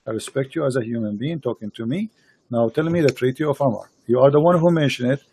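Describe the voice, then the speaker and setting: A man hosting a heated online debate, insistent and repetitive, speaking halting non-native English into a computer mic. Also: medium pitch, dark tone, slight background noise. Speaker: host of a live debate stream.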